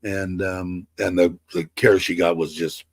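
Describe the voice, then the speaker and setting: A man's voice: low-pitched, flat delivery, unhurried, dry recording. A man in his sixties chatting casually on a livestream, rambling with many fillers and restarts. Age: 60s. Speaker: livestream host. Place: home in Thailand.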